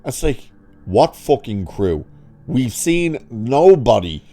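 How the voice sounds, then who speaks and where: A man giving a sarcastic, exasperated review of a TV episode, swearing freely and swinging his pitch up sharply when he mocks it. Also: big pitch swings, takes it slowly, warm tone. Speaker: show reviewer.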